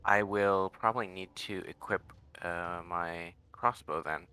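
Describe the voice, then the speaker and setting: Deep-voiced man musing over a game. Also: bright, forceful tone, clean tone. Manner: halting, full of fillers. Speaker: video game co-op player. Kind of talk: casual gameplay chat.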